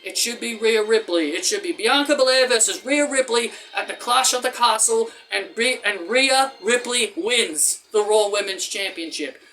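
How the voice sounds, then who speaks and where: Man, blunt ranting reviewer, high bright tone. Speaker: wrestling show reviewer. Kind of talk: opinionated commentary vlog.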